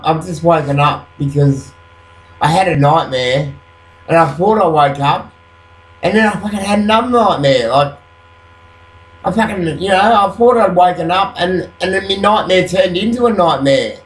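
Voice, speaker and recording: A man rambling at night into his webcam, agitated, swearing constantly and filling gaps with "you know". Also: fairly high pitch. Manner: rambling, profane, agitated, full of fillers. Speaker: vlogger. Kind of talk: rambling late-night monologue. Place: at home at night after waking up. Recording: roomy echo.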